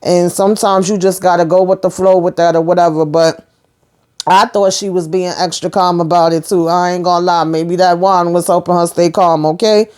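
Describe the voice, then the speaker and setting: Woman, lower voice, chatty recap host, retells scenes. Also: fairly even intonation, normal speed, a little mellow, clean tone. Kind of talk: casual episode recap.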